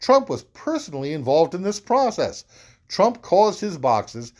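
Guy hosting a podcast reading legal text out loud, very up-and-down voice, snarky side comments. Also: sits high, big pitch swings, measured pace. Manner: wry, sarcastic asides. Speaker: podcast host.

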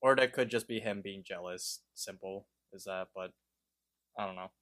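A man's voice: sits low, normal speed, a bit bright. A man co-hosting a podcast in casual chat, talking hesitantly and thinking aloud as he describes a cartoon scene. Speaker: podcast co-host.

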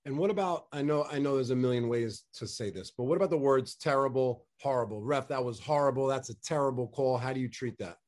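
A man hosting a podcast, asking relaxed conversational questions. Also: mid-range voice, fairly quick, few pauses. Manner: conversational, asks questions and gives brief agreements. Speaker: podcast host. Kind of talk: casual interview chat.

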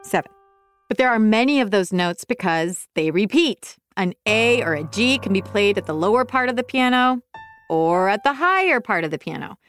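A woman's voice: mid-range voice, animated, normal speed, a bit bright. A woman hosting a music lesson for kids, encouraging viewers at home to sing along. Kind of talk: upbeat kids' music lesson.

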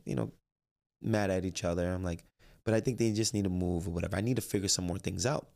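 Talking fast, a gravelly-voiced life coach and trainer recounts something that happened to him, his low voice crackling with fry throughout. He performs the exchanges with energy, delivering his own lines and those of the others.

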